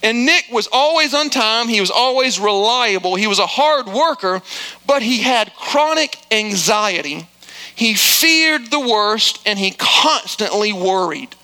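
A middle-aged male pastor preaches with a very high, bright voice. His tone is smooth and clear. He tells stories in a chatty way, with self-deprecating asides. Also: lively intonation, measured pace. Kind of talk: sermon with comic storytelling.

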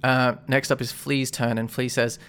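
Casual game-master man, mid-pitched, loose and rambling while narrating a tabletop game. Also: little pitch movement, moderate pace, a bit bright, clear, resonant tone. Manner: casual, rambling, thinking aloud.

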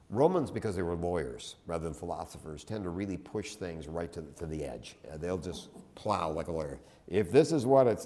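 Low-voiced man lecturing casually. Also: darkish tone. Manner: conversational, digressive, with many restarts and asides. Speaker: teacher. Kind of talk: classroom lecture.

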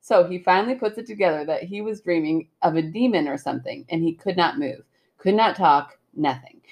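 A woman co-hosting a podcast, chatting casually and telling a listener's story with lively, laughing delivery. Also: brisk. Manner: animated storytelling, laughs often, jumps high when acting out quotes. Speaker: podcast co-host.

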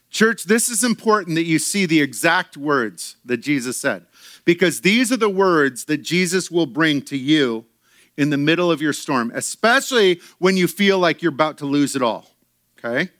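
A man preaching a sermon to his church in an animated way, acting out quoted voices and laughing often. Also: a little high, normal speed, dry recording, clean studio sound. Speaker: pastor.

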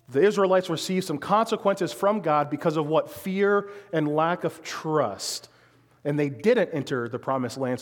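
A man's voice: a little high, long reverb tail. A man giving a sermon as a pastor, speaking conversationally and asking his listeners frequent rhetorical questions.

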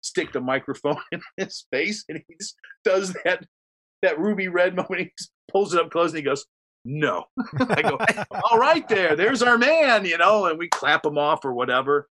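A guest storyteller with a fairly high-pitched male voice spins a long, rambling anecdote during casual chat at a moderate pace. He's animated and acts out what people said.

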